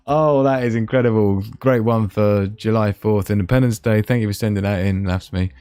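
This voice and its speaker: A man's voice: lowish voice, normal speed, a little mellow, clean tone, no room sound, soft background music. A man hosting a casual live stream, chatting and laughing as he reads out memes. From Scotland.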